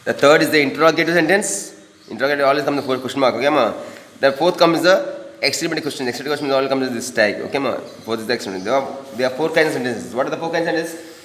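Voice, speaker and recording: A man's voice: mid-range voice, very fast, fairly bright tone, slight background noise. A man teaching a grammar lesson to students, repeating points and calling them "ma". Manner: repetitive, addresses students as "ma". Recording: echoey room with long reverb.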